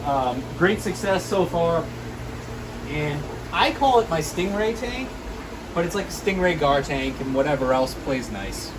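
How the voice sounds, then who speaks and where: A man in casual chat, showing off his fish tanks, explaining in a relaxed way with fillers. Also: a little high, unhurried, background noise. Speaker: guest showing his home aquarium.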